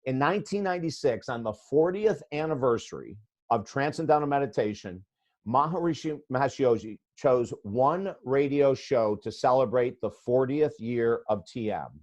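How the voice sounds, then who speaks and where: An older man in his sixties tells a story as a guest on a podcast. His delivery is animated, blunt and emphatic, in a mid-range voice of ordinary pitch. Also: moderate pace. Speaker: guest author and life coach.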